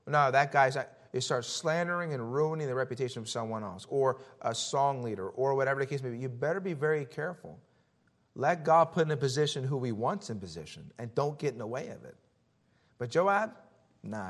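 Male preacher, slightly high voice, punchy rhetorical questions, drops to a hush for warnings. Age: adult, Army veteran. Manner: emphatic, rhetorical questions, swings between loud and hushed. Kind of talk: sermon with scripture reading.

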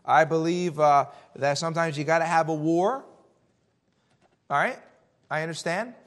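A man preaching a sermon and reading scripture, throwing out rhetorical questions and swinging between loud emphasis and hushed warnings. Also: a little high, normal speed. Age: adult, Army veteran.

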